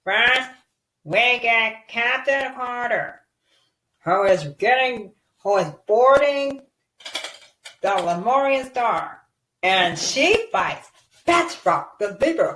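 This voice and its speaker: A woman narrating a playful toy story with excited cheers and sound effects. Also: a little high, takes it slowly, pauses often, roomy sound.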